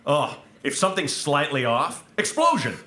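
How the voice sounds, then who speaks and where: A man hosting a live podcast onstage, rambling and stumbling over his words, quick to laugh. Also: a little high, wildly swooping pitch, sharp tone, echoey room. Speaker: podcast host. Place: stage at a comedy festival.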